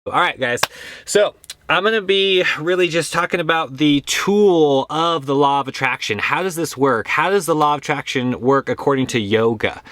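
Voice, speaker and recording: A man's voice: on the high side, normal speed, fairly bright tone. A young man, a yoga teacher, giving a casual and earnest spiritual talk, repeating phrases for stress.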